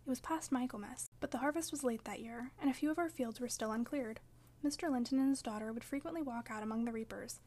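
A woman narrating a classic novel in the first person, measured and expressive. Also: high-pitched. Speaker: audiobook narrator.

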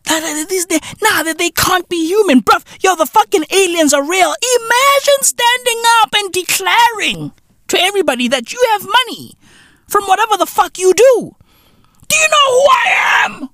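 A man's voice: extremely high pitch, expressive, moderate pace, no room sound. South African man, podcast host, profane comic rant, swings wildly up and down, dry close mic. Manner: loud, incredulous, repeats himself, swears constantly.

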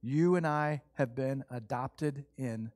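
A middle-aged man preaching a sermon, telling a lively personal story and acting out what people said. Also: medium pitch, slow, dry recording, studio quality. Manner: animated storytelling, acts out quoted voices. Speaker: pastor.

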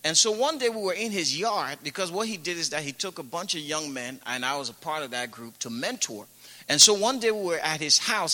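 A preacher from Africa tells stories in a loose, chatty sermon, dropping "you know" and laughing often. His voice sits high and sounds very bright. It carries a long reverb, as in a large hall. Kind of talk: sermon with personal storytelling.

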